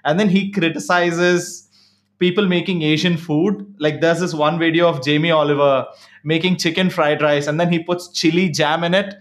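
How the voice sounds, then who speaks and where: A man with a fairly high speaking voice, chatting casually on a podcast. He tells stories in an animated way and breaks into laughter often. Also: moderate pace. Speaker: podcast co-host. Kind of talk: casual chat.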